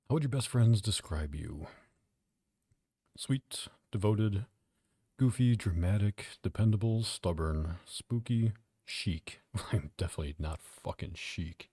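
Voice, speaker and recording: A man's voice: fairly low pitch, lively intonation, a little slow, pauses often, mellow, breathy edge, no echo. A young man streaming from home, chatting casually, swearing freely and poking fun at himself. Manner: profane, offhand, self-mocking. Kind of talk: casual live-stream chat.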